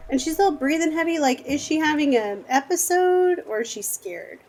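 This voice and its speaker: A woman co-hosting a casual let's-play, making wry, deadpan jokes. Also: high-pitched, normal speed, soft background music. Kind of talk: casual gaming banter.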